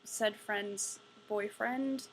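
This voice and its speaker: A woman's voice: medium pitch, fairly even intonation, drawn-out words, a little hiss or hum, poor audio. A young woman giving a casual ranting book review, exasperated, sarcastic and profane. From United States.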